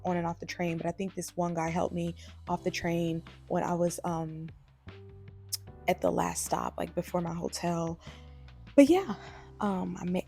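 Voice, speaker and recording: A young woman vlogger chatting casually about a trip, talking in a lively way with lots of fillers. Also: fairly low pitch, creaky. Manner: chatty, animated, many "like"s. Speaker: travel vlogger. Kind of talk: casual storytelling vlog.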